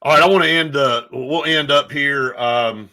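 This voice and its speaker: A man hosting a casual sports talk show, telling stories in an animated, opinionated way. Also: medium pitch, normal speed.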